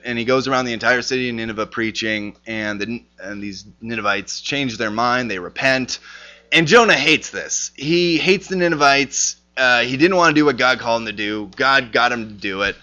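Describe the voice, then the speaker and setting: A man's voice: medium pitch, moderate pace, bright, forceful tone, dull audio. A man teaching a casual Bible lesson, talking conversationally with lots of fillers and restarts.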